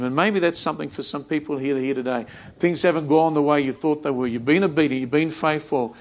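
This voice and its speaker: A man preaching a sermon in a conversational way, repeating phrases and acting out imagined prayers. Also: on the high side.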